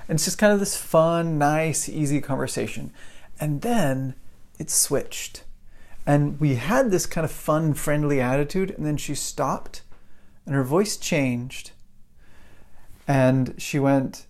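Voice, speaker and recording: A man's voice: fairly high pitch, slow. Chatty man telling a story. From United States. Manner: chatty, animated, acts out his own reactions. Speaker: podcast host and English teacher. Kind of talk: casual storytelling monologue.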